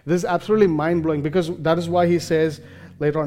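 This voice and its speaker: A male preacher with a mellow, slightly high voice explains a passage in his sermon quickly and with little pitch movement. He speaks earnestly and emphatically, circling back with fillers and restarts.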